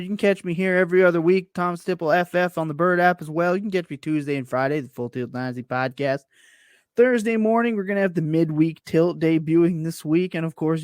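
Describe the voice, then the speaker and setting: A man's voice: a little high, no room sound, clean studio sound. A man co-hosting a casual sports podcast, rambling and correcting himself with enthusiasm. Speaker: podcast co-host.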